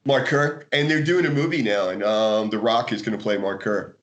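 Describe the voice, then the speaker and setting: An American man, a guest author in a casual interview, telling animated stories with frequent laughter and restarts. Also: fairly low pitch, normal speed, lo-fi sound. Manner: animated storyteller, laughs often, many restarts. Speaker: guest, martial arts author.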